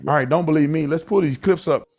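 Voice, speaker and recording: A man's voice: on the high side, fast talker, a little mellow, husky. A man on a played clip from a commentary show, talking boastfully and confrontationally.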